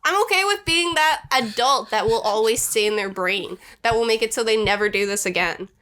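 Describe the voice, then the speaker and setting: A young woman telling stories on a casual podcast in a bright, raised voice that sits a little high. She speaks bluntly and without apology. She laughs often as she talks. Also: fairly quick. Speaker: podcast guest, host's girlfriend. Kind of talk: casual chat.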